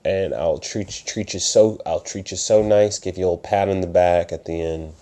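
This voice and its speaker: Low, mellow-voiced young man rambling. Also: steady tone, moderate pace. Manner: rambling, self-distracted, slips into mock voices. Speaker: podcast host and open mic organizer. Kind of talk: casual solo talk. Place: upstairs room in his parents' house at night.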